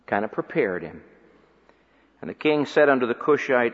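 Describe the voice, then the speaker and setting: A man preaching a sermon, swinging from loud emphatic peaks to quiet low asides. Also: animated, moderate pace. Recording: dull recording with long hall reverb.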